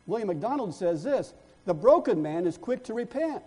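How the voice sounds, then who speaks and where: A man's voice: high voice, very animated, moderate pace, mellow, husky. A man preaching a sermon as pastor. He repeats words as he searches for phrases, and his voice builds in force as his stories peak.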